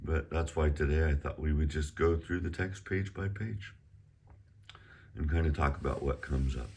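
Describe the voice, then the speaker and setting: A middle-aged man teaching a casual online Chinese lesson, chatty and relaxed, drawing out the tones slowly as he models them. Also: very deep voice, husky.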